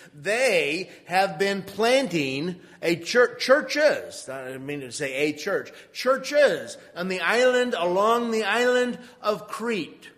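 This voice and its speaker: A man preaching a sermon, reading scripture in a measured, deliberate way and then explaining the passage conversationally. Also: sits high, a bit bright. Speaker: pastor. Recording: long reverb of a church hall.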